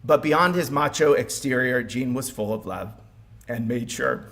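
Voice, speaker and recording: A man's voice: medium pitch, unhurried, creaky, fairly bright tone. A man giving a eulogy at a funeral home as the son-in-law, speaking with wry humor and some stumbles.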